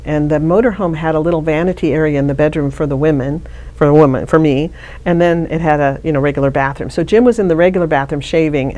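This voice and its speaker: A woman's voice: low voice, warm tone. A middle-aged woman, an interview guest, telling a personal story in a chatty way with frequent restarts. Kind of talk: casual interview conversation.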